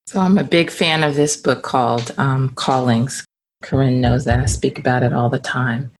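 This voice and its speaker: A woman host with an unusually deep voice asks reflective questions. Her voice is gravelly and husky, with a rough edge. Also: fairly even intonation, normal speed. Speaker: podcast host. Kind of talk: interview questions.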